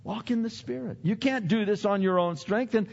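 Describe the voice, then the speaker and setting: A man's voice: sits high, normal speed, vocal fry. An older man preaching a sermon as pastor, chatty and self-deprecating, often repeating his words. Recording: dull sound with long hall reverb.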